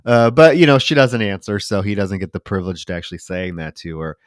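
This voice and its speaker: A man's voice: fairly low pitch, normal speed, dry recording, studio quality. A man co-hosting a podcast, recapping a film plot with wry mock outrage in casual chat. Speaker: podcast co-host.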